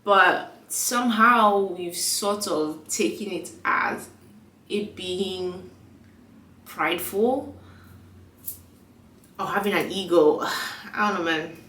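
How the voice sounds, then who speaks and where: Young woman, stuffy nose, frog in throat, casual chat, lots of fillers, lowish voice, echoey room, mic at a distance. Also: slow pace, pauses often, bright, forceful tone, a little hiss or hum. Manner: chatty, lots of fillers, acts out quoted dialogue. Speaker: vlogger.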